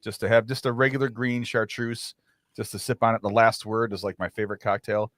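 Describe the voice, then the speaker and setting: A man's voice: fairly low pitch, level tone, brisk, fairly bright tone, dry recording, clean studio sound. A man co-hosting a podcast, cracking crude jokes in casual banter. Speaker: podcast co-host. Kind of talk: joking banter.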